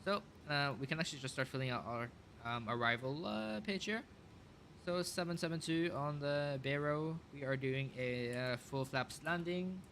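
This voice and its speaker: Checklist callouts and rambling, filler-heavy thoughts fill this casual flight sim commentary from a male streamer flying a simulated airliner. His pitch is fairly high, his tone fairly bright, and he speaks at normal speed. A little hiss or hum is present.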